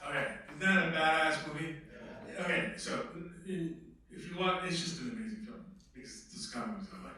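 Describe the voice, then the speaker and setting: A man's voice: a little high, lively intonation, a little fast, pushed and bright. A man, an actor, speaking emphatically and conversationally to a workshop audience. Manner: emphatic, conversational, slips into mock voices. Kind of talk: animated talk to a live audience. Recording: echoey room, voice from a distance.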